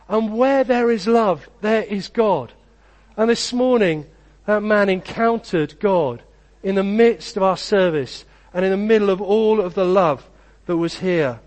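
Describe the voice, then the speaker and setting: High-pitched guy pastor, earnest sermon, reads a kids story then preaches in repeating phrases. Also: a little mellow.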